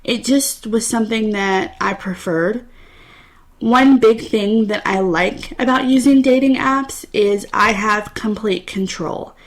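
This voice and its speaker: A young woman in her twenties hosting her own podcast, telling personal stories in a candid, chatty way. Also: medium pitch. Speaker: podcast host. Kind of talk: casual solo podcast talk.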